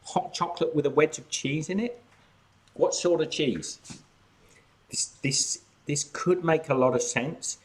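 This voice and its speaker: A man's voice: fairly high pitch, measured pace. An outgoing Australian man hosting a casual live chat, talking while snacking. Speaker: cooking channel host.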